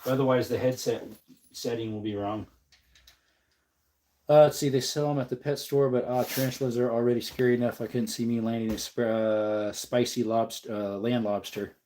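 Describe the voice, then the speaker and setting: A man's voice: mid-range voice, fairly even intonation, moderate pace, warm tone. A young man with a stuffed-up nose, hosting a casual livestream and chatting easygoingly with viewers while he works. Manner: easygoing, reads chat aloud and answers. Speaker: livestream host.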